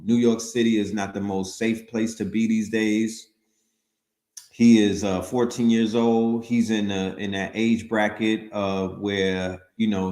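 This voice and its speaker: A man's voice: lowish voice, a little mellow. A man hosting a casual livestream, talking loosely in slang straight to his audience. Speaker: host. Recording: roomy echo.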